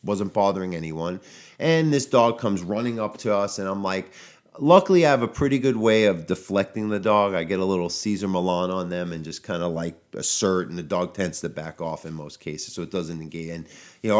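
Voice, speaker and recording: A man hosting a podcast as a dog trainer, talking casually and getting exasperated, with many fillers and restarts. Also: low-pitched. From United States. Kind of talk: casual solo podcast monologue. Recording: audio-only podcast.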